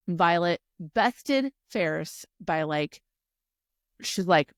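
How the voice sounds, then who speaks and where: A woman co-hosting a casual book podcast, retelling the plot in an animated way, acting out the characters and swearing freely. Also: fairly low pitch, moderate pace, dry recording, clean studio sound. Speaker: podcast co-host. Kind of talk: casual book recap chat.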